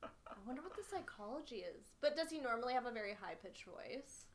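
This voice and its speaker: A woman co-hosting a podcast in casual chat, animated and giggly, repeating herself for emphasis. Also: a little high, a little fast. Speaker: podcast co-host.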